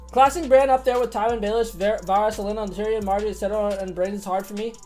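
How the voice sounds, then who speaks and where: A woman streaming a game, chatting casually, excitable, swearing and laughing often. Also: mid-range voice. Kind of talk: casual gaming commentary.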